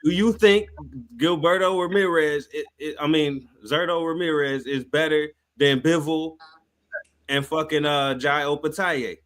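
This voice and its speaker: A man's voice: fairly high pitch, steady tone, measured pace, fairly bright tone. Teasing profane man pressing a panelist. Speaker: boxing panelist. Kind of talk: heated panel debate.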